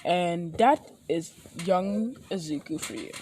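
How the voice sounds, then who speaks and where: A woman's voice: on the low side, animated, slow, darkish tone, slight background noise. A young woman casually retelling her fan fiction story, rambling with many fillers and restarts and acting out the characters' lines.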